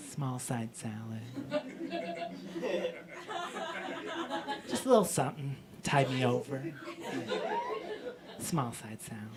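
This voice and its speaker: A man on stage playing a fussy female office boss who keeps announcing her small side salad, hushed and breathy, repetitive and self-justifying. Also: high voice, pitched above the performer's own voice. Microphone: stage mic. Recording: live audience laughter.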